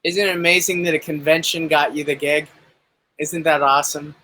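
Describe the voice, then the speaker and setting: A man's voice: fairly high pitch, steady tone, fairly quick, bright, forceful tone, poor audio. A man hosting an interview, asking questions like an eager fan and rambling encouragingly. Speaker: host.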